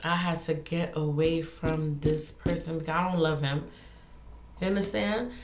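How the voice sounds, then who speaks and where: A woman telling a personal story in a casual monologue, animated and feisty, with many restarts. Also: low voice, normal speed, echoey room, slight background noise. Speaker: vlogger.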